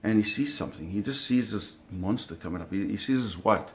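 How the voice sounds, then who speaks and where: Recounting his shark-hunting days in casual speech, a man speaks briskly and animatedly in a fairly low voice, with slight background noise. He brings the anecdote to life by acting out sounds, while often correcting himself and repeating words.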